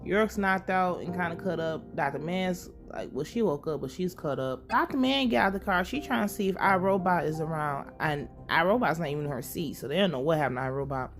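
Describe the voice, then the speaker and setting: A woman's voice: fairly low pitch, fairly quick, hardly any pauses, soft background music. A young woman giving a casual, profane, laughing recap of a TV episode. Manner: animated, profane, laughing running commentary. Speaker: TV recap host.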